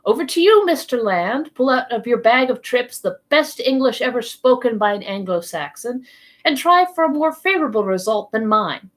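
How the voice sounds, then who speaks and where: Polite scholarly professor, earnest and coaxing, high and lively, as read by a woman in a storybook. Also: moderate pace. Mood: urging. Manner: earnest and coaxing, rising to exclamations. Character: courteous learned older male professor.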